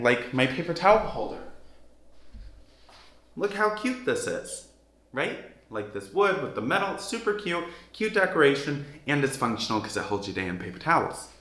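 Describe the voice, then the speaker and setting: Hosting a casual house-tour vlog, a man walks through the rooms of an emptyish house indoors, talking straight to viewers in an emphatic, sassy way. His mid-range voice is bright and forceful, and the rooms sound roomy and echoey.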